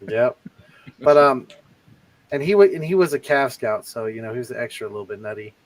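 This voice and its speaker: A man's voice: mid-range voice, a little fast, rough recording. Profane man telling army stories. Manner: profane, animated anecdote-telling with quoted voices. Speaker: livestream co-host, army veteran. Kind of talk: casual storytelling chat.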